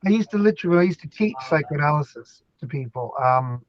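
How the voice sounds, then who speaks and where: Chatty guy, kinda high voice, jokes around, dry dull mic sound. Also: fast. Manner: animated, rambling, jokey. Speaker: academic guest. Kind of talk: casual chat.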